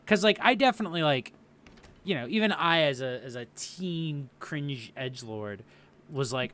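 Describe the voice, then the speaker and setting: A man's voice: mid-range voice, lively intonation, normal speed, fairly bright tone. Rambling, swearing young man streaming a game. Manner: rambling, swears a lot, laughs easily. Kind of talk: casual live game commentary.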